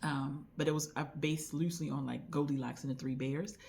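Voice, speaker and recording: A woman recommending a book in a casual, chatty way, retelling the story with lively asides. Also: low voice, fairly quick, vocal fry, slight background noise. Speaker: book reviewer.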